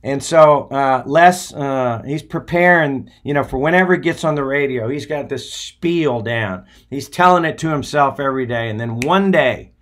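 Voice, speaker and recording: A man's voice: mid-range voice, moderate pace, hardly any pauses, a bit bright. Rambling, hesitant man telling a story. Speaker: podcast host. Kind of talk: casual storytelling monologue.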